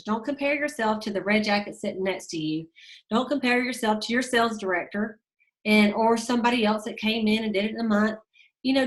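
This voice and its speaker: A woman's voice: medium pitch, a bit bright. Chatty woman telling motivational stories. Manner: storytelling, many fillers, emphatic repetitions. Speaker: sales team leader giving a motivational talk. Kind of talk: casual motivational talk.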